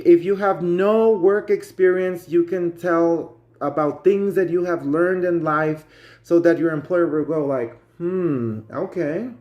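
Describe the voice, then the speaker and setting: A man with a Guatemalan Spanish accent, a native Spanish speaker, gives a casual spoken English lesson. He talks in a chatty, friendly teacher's way and keeps turning to his viewers. His voice sits a little high for a man. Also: highs cut off. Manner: chatty, calls viewers guys.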